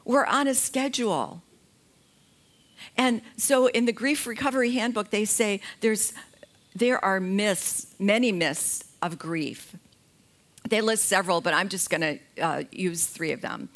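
A middle-aged woman giving a slow, gentle talk about grief, pausing often between phrases. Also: mid-range voice. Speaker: grief educator.

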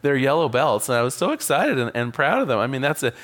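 A man's voice: medium pitch, sing-song, quick pace, fairly bright tone. A man giving a sermon as a minister, conversational and joking.

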